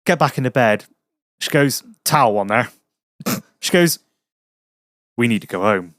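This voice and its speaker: A man's voice: mid-range voice, lively intonation, measured pace, a bit bright, dry recording, studio quality. A man telling a crude anecdote on a podcast, swearing a lot and laughing at his own story in casual chat. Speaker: podcast host.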